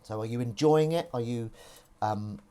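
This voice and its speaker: While doing the dishes in his kitchen, this livestream host rambles and pokes fun at himself, speaking both to viewers and to his cat. He has a medium-pitched, dark voice at normal speed, and a little hiss or hum runs under the recording.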